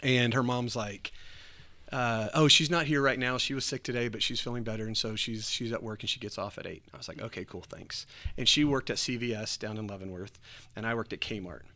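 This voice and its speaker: A man telling a story in a casual chat, animated, laughing often and acting out what people said. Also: mid-range voice, fairly quick. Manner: animated, acts out quoted voices, laughs often. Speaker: church podcast host.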